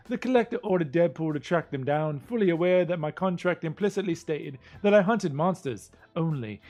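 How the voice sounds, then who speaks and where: A man's voice: fairly high pitch, a little mellow, pitched above the performer's own voice, natural voice. A man doing a wry Cockney monster huntress. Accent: put-on Cockney British. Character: tough sardonic adult woman monster hunter. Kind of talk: reading game lore aloud in character.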